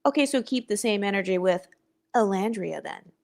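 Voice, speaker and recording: A woman's voice: mid-range voice, expressive, normal speed, gravelly, a little mellow. Blunt, sassy woman streaming live. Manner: blunt, sassy, swears freely, reads chat aloud. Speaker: livestream host. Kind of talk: casual livestream commentary.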